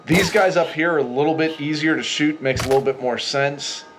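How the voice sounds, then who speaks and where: A man's voice: a little high, brisk, noisy background. Chatty man narrating gameplay. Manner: chatty, exasperated, exclaims at failures. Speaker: gameplay walkthrough host. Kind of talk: casual gameplay commentary.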